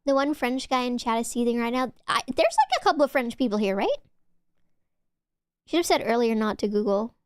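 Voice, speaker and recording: A young woman streamer rambles and teases her chat, often giggling. Her voice sits a little high. The sound is close and dry. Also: very animated, fairly quick, clean tone, no room sound. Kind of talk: casual chat with viewers.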